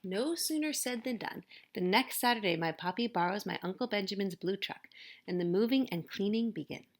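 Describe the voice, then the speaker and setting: A woman's voice: mid-range voice, expressive, brisk. A woman teacher reading a picture book aloud, narrating expressively. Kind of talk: storybook read-aloud.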